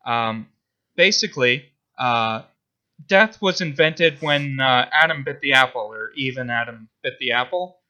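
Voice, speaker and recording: A man's voice: mid-range voice, a little slow, sharp tone, lo-fi sound. A man co-hosting a podcast in casual chat, hesitant, with many fillers and restarts. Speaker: podcast co-host.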